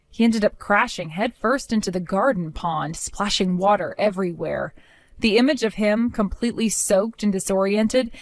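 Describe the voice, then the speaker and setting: A woman telling a scripted story in a cool, measured, matter-of-fact way. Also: mid-range voice, no room sound. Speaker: narrator.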